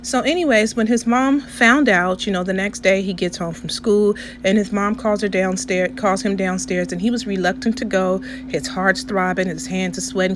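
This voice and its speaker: A woman's voice: medium pitch, noisy background. A woman vlogger doing a casual storytelling voiceover, chatty and often checking in with her listeners. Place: indoors, recorded separately from the restaurant footage.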